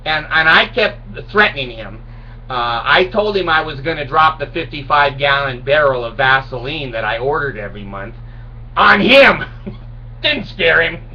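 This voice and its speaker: A man's voice: fairly high pitch, animated, moderate pace, pushed and bright. A man in his sixties telling a rambling, self-mocking comic story to camera. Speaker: video blogger. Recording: dull distant home recording with faint hiss.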